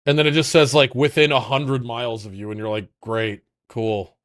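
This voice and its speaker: A man's voice: medium pitch, flat delivery, normal speed, fairly bright tone. A man co-hosting a podcast, bantering crudely and teasing his co-host in casual chat.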